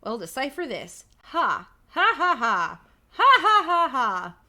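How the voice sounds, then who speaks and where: A woman's voice: lowish voice, expressive, moderate pace, sharp tone. A woman doing a comic impression of a cocky male action movie star who sneers and gloats. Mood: mocking.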